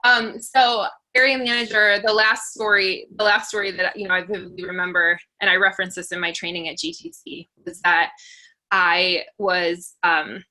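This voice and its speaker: A woman telling personal stories in a motivational talk, chatty and earnest, with lots of fillers and quick laughs. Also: medium pitch, steady tone, sharp tone. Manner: chatty, filler-heavy, laughs between phrases; earnest and encouraging. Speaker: motivational speaker for a sales team.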